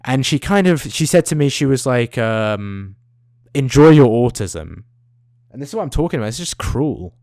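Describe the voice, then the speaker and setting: A man's voice: mid-range voice, animated, brisk, hardly any pauses, no echo, clean studio sound. A young man, ranting into the camera, swearing often and trailing off into tangents. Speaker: vlogger. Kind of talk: profane rambling rant.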